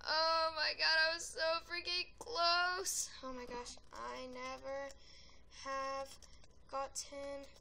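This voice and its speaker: A woman giving excitable gameplay commentary, yelling and gasping at wins and deaths and rambling chattily between rounds. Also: high-pitched, creaky, slight background noise. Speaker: gaming video creator.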